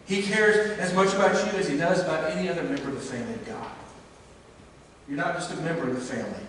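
High-voiced preacher in an echoing sanctuary. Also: male voice, fast, a little hiss or hum. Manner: earnest storytelling preacher, swinging between emphatic and hushed. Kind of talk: sermon. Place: church sanctuary. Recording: echoey church hall, mic at a distance.

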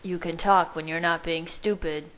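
A woman voicing an awkward, falsely cheerful young man in a fan fiction reading, quick and casual. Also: fairly low pitch, fairly even intonation, fairly bright tone, close to an everyday voice.

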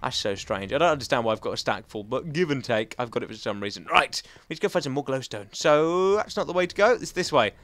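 A young man giving let's play commentary, self-mocking with sudden excited outbursts. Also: medium pitch, fast talker, few pauses. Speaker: gaming channel host. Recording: faint game music behind.

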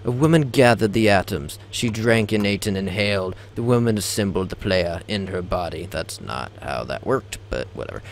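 A man's voice: on the low side, a little hiss or hum. A young man, host of a game video, giving a theatrical reading over gameplay, stumbling and tossing in joking asides. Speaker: let's play host.

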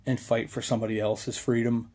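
A man's voice: medium pitch, flat delivery, fairly quick, a little mellow. A young man, rambling casually with many fillers as a local history vlogger. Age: young adult.

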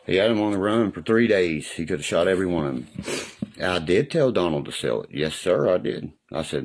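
A man with a low, expressive voice talks briskly on a live stream through a phone or webcam. His casual chatter rambles and swears, and he often asks if you know what he means.

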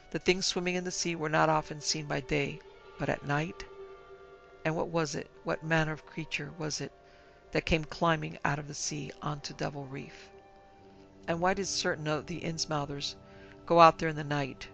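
Male narrator, horror reading, gravelly voice, fairly high, even and flat. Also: faint music behind, rough recording. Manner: measured, grave storytelling. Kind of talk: scripted horror story narration.

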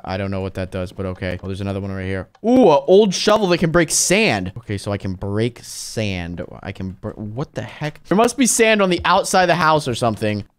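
A young man giving excitable let's-play commentary on a sneaking game, switching between hushed muttering and high panicked yelps. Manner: talks to viewers while sneaking. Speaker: gaming YouTuber.

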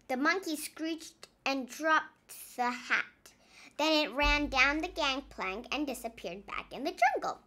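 A woman reading a children's storybook aloud with expressive, measured narration. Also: high voice.

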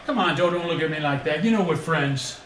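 A man's voice: on the high side, fairly quick, echoey room, recorded from a distance, noisy background. A man trash-talking an opponent while playing a VR boxing game, teasing and out of breath. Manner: teasing, chatty, exclaims a lot. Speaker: gaming video creator.

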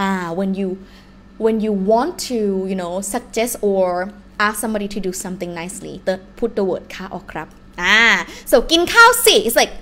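A young woman with a Thai accent teaching a live-streamed language lesson in a chatty, animated way. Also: medium pitch, fast talker, slight background noise.

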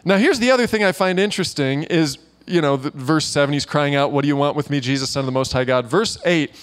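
Animated man telling a sermon story. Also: a little high, quick pace. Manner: animated storyteller who acts out quoted voices and laughs often. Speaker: pastor. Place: church meeting room.

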